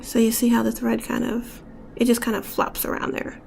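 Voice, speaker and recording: A woman walks through a beadwork stitch step by step, speaking softly and slipping into near-whispers as she works. Her voice sits a little high but sounds mellow and dark, with a gravelly fry. Faint room noise hums underneath. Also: completely flat delivery, moderate pace. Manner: soft-spoken, often drops to a whisper while working. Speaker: beading tutorial instructor. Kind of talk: step-by-step craft tutorial.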